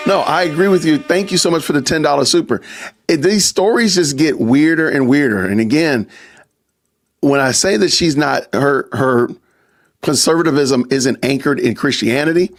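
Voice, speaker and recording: A male podcast host runs a casual live stream, chatting and reading viewer super chats aloud with frequent laughs and asides. His voice is fairly high-pitched with vocal fry.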